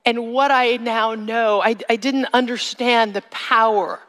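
A woman giving a sermon-style personal testimony, with slow, emphatic phrasing that rises to a high cry in the re-enacted moments. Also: fairly even intonation, fairly bright tone. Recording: long reverb of a large hall.

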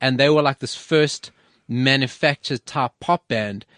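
A man hosts a radio show in loose, casual chat. His voice sits at an ordinary pitch, and he wanders through his points with frequent restarts. The sound is close and dry. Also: measured pace, fairly bright tone, no echo. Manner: rambling, with many restarts and fillers.

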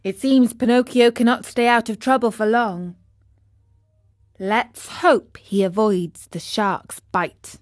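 A woman narrating a children's story in a gentle, measured storytelling manner. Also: medium pitch, no room sound, clean studio sound.

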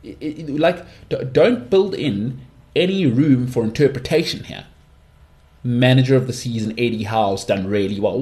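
A man with an English accent hosting his own podcast alone, giving strong opinions and often leaping into high-pitched mocking outbursts. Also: moderate pace, a little mellow. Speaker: podcast host. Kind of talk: solo podcast monologue.

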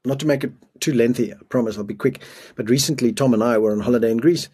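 A man's voice: mid-range voice, fast, mellow, husky. A middle-aged man from South Africa, a guest telling an emotional story in earnest, often restarting his sentences. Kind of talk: storytelling in a podcast interview.

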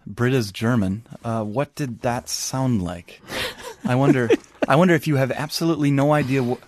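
A man co-hosting a podcast in casual chat, slowly explaining what words mean as he goes. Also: medium pitch, a little mellow. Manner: thoughtful, explains word meanings slowly. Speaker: podcast co-host.

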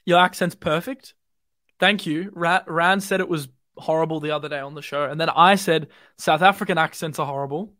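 Chatty Australian streamer, slightly high voice. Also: male voice, dry recording, studio quality. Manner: relaxed, rambling, quick and slangy with many fillers. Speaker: crypto streamer. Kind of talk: casual live-stream chat and chart commentary.

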